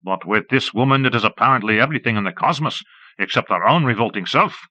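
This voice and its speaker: A man's voice: medium pitch, expressive, quick pace, pushed and bright, no echo. A man voicing a weary, discouraged professor in an audiobook, with a tired, mumbling manner, on a dull old cassette recording. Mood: disgusted. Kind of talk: audiobook character voice.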